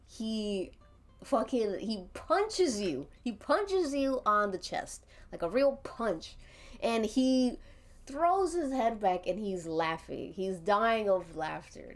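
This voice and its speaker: Giggly woman streamer rambling through a story, slow, pitch all over the place. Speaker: streamer narrating an interactive story. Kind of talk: casual story narration.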